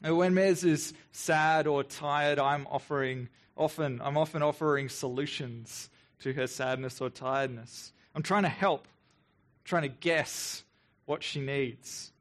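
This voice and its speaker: An earnest male pastor with a fairly high voice delivers a reflective sermon. He talks in an unhurried, thoughtful way, with mocking rhetorical asides. He often repeats his words as he works through each point. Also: fairly bright tone. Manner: earnest, reflective, with quick sarcastic asides when voicing the people.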